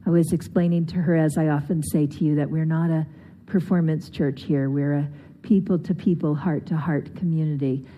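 Low-voiced woman pastor introducing a guest. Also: steady tone, moderate pace, dark tone, lo-fi sound. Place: church.

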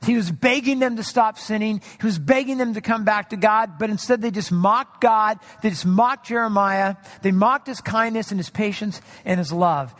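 A man preaching a sermon in a conversational way, acting out quoted voices with shifts in pitch. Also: a bit bright, long reverb tail. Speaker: pastor.

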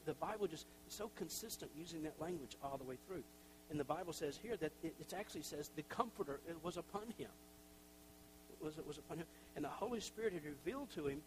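Preaching a sermon, this middle-aged Tennessee pastor keeps things loose and chatty, with self-deprecating remarks and little performed quotations. He has a slightly high voice for a man, and a faint hum runs beneath the recording.

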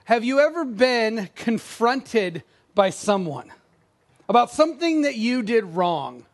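A middle-aged man delivers a sermon from the pulpit. His voice sits high, and his tone stays casual and self-deprecating. He often slips into acted-out quotes. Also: big pitch swings, takes it slowly. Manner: conversational, self-deprecating, acts out quoted lines. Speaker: pastor.

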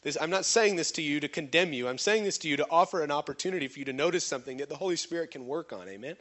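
A man's voice: expressive, very fast, fairly bright tone. A man preaching a sermon, questioning his congregation and drawing responses from them. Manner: acts out quoted voices with sudden pitch jumps. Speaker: pastor.

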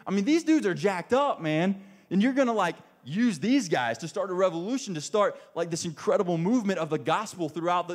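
A man preaching in a casual, animated, conversational way with touches of humor. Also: high voice, fairly quick. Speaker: pastor. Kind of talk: sermon.

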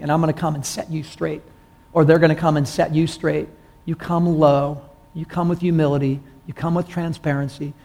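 In a church room before his congregation, a male pastor preaches casually and conversationally. He puts questions to the people, and his pitch climbs when he gets excited.

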